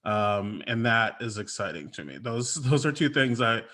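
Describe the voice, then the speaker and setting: A man's voice: medium pitch, very animated, moderate pace, pushed and bright. A man talking as a comic writer on a panel, enthusiastic and rambling with lots of fillers, over a video call. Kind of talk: casual panel chat.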